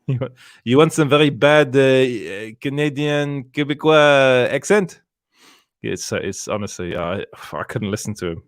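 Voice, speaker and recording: Man, live-stream co-host, frequent laughter, restarts, dry mic, mid pitch. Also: lively intonation, measured pace, dry recording. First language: French. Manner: laughs often, restarts, reads chat aloud. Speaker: podcast co-host. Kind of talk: casual live-stream chat.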